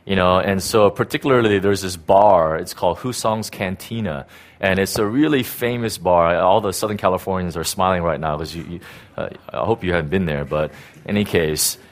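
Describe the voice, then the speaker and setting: A man's voice: low voice, fairly quick. Man preaching a conversational sermon. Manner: storytelling, conversational, many fillers and restarts. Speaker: pastor.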